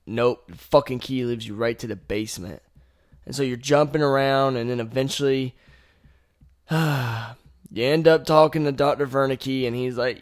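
A man at mid pitch rambles through a game recap like a podcast host, swearing constantly and trailing off mid-thought. Now and then he jumps into a loud, shouted, acted-out reaction of his own. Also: steady tone, normal speed. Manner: heavily profane, rambling, loose slang. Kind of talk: casual video game story recap.

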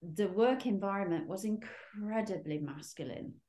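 A woman's voice: mid-range voice, moderate pace, warm tone. A woman speaking reflectively in a casual conversation. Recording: roomy echo.

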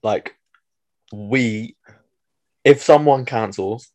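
A man's voice: medium pitch, extremely slow, a little mellow. A young man, bantering playfully as a podcast co-host. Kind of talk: casual chat.

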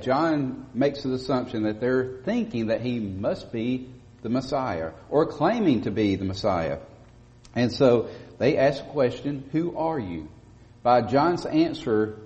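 A man preaching a sermon as pastor, speaking emphatically and rising to loud stresses on key words. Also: medium pitch. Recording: dull lo-fi audio with long church reverb.

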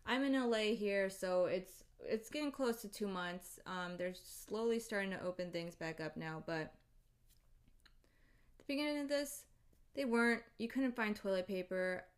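A woman's voice: mid-range voice, moderate pace, smooth. Exasperated woman ranting with swearing. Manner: exasperated, profane, emphatic. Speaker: vlogger. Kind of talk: ranting to camera.

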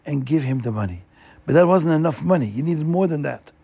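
Raspy gravelly guy retelling an old jewish story, animated, repeats stuff for emphasis. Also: a little high, fairly quick, dry recording.

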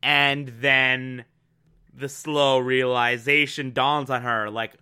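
A man giving an excitable, emphatic recap of a TV episode, laughing often and acting out the characters' lines. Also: medium pitch, moderate pace, clear, resonant tone. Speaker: TV show reviewer. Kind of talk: casual recap commentary.

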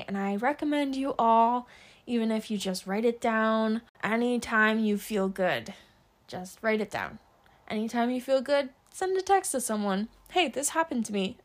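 A young woman hosting a casual solo podcast, chatting upbeat about her day with a lot of fillers. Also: a little high. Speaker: podcast host.

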